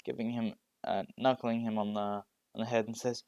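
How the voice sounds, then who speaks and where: A man narrating an improvised fan story, halting and full of restarts. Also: on the low side, level tone, darkish tone, clear, resonant tone, dry recording. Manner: halting, many fillers and restarts.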